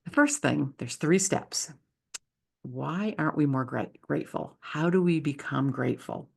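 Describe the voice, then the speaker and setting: A woman's voice: sits low, unhurried, creaky, darkish tone, slightly rough. A woman who is a leadership speaker and author, giving an enthusiastic, conversational presentation with slides.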